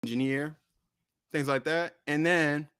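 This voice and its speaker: A man's voice: on the high side, steady tone, measured pace, a bit bright, clean tone. A man hosting a casual music livestream, talking in a loose, rambling way with swearing and frequent self-corrections. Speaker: streaming show host and rapper.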